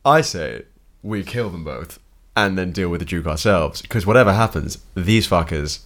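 A man's voice: low voice, animated, normal speed, fairly bright tone. A man playing a tabletop game who talks bluntly and swears freely. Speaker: player.

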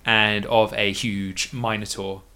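A man's voice: lowish voice, level tone, slow, sharp tone. A man narrating a tabletop game as game master, often restarting sentences as he describes the scene.

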